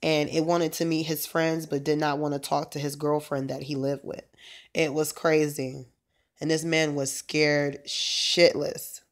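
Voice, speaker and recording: A woman's voice: deep voice, little pitch movement, a little slow. A woman talking casually on a phone livestream as a prayer minister, meandering with lots of fillers and asides.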